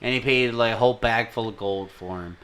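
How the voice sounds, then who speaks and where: A man's voice: on the low side, a little fast, fairly bright tone, clean tone. A man co-hosting a podcast, recapping a film in casual chat, rambling and swearing a lot. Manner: profane, rambling, talks with his hands. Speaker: podcast co-host. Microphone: desk microphone.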